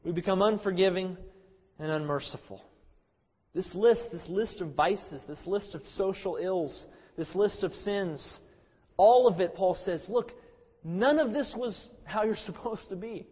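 A man's voice: a little slow, slightly rough. Impassioned man preaching in a reverberant hall. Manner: impassioned, swings from loud emphasis to low hush. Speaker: pastor. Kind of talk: sermon. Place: church sanctuary. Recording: muffled sound in a hall with long reverb.

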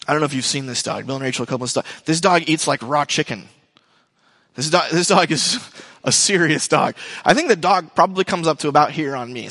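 Middle-aged man, pastor, casual rambling sermon, slightly high voice, echoing hall. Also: bright, forceful tone. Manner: conversational, rambling with restarts and asides. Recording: long hall reverb.

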